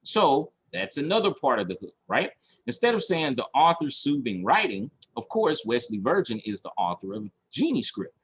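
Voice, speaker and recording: A man coaching a training session over a video call, animated and repeating his points for emphasis. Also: mid-range voice, normal speed, breathy edge. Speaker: marketing coach. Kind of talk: recorded online training session.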